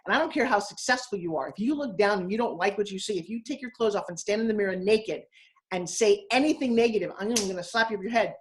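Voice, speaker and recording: Sixty-ish lady talking fast and blunt on a video call, really animated. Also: medium pitch. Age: 60s. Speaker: guest. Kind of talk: live video interview.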